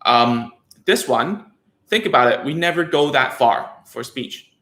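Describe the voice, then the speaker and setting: Man, speech therapist, bright tone, casual rambling explanation, frequent "okay?" and "right?". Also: medium pitch, animated, a little slow, echoey room. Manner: conversational, rambling with frequent fillers and tag questions. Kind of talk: casual educational talk to parents.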